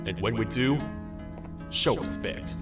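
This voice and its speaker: A man voicing a gruff, suspicious toad sheriff in a video game. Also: fairly low pitch, slow pace, far from the mic, over music. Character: gruff male toad sheriff of a buried kingdom.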